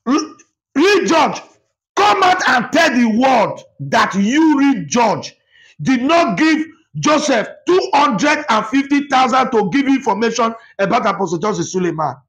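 A Nigerian man, a pastor, delivering a fiery rebuke to camera, shouting and repeating himself as he mixes Pidgin with English. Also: extremely high pitch, big pitch swings, measured pace.

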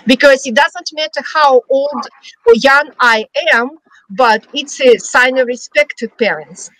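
A woman's voice: high-pitched, a little slow, a bit bright, no room sound, low-quality recording. A middle-aged woman from Siberia with a Russian accent, a guest chatting freely about her life, often restarting sentences and laughing lightly. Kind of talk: casual storytelling interview. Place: studio.

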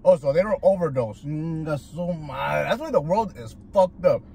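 Man, food vlogger, profane animated rant, high voice, swooping pitch, inside a car. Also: normal speed, vocal fry, slightly rough. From Southern California. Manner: animated, slangy, switches into Spanish. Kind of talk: profane ranting chat while eating.

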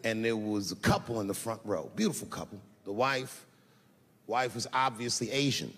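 A man doing a stand-up comedy set on a large theater stage, telling a loose story that swings from low mutters to shouted punchlines. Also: expressive, moderate pace, slight background noise. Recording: live stage sound in a big reverberant hall.

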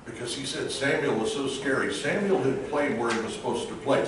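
A man on a convention panel telling animated stories, breaking into celebrity impressions. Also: medium pitch, a little fast, a little hiss or hum. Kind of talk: casual storytelling. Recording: echoey hall from far off.

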